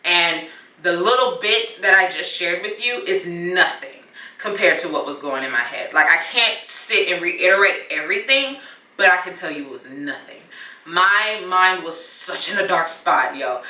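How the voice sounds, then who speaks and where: A young woman shares a personal story on her vlog, candid and reflective, slipping into casual slang. Her voice is lowish but bright and forward. She sits back from the mic in a room with a noticeable echo. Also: expressive, normal speed, recorded from a distance. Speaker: vlogger.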